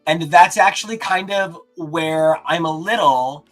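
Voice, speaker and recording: A man co-hosting a casual reaction chat, talking in animated bursts of rapid-fire questions and mock outrage. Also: on the high side, faint music behind. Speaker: podcast co-host.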